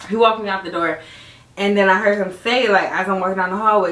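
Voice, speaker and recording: A young woman, hosting a podcast and telling a story in casual chat, animated and laughing, her voice jumping high and low. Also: fast, far from the mic. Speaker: podcast host. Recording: echoey room, voice off mic.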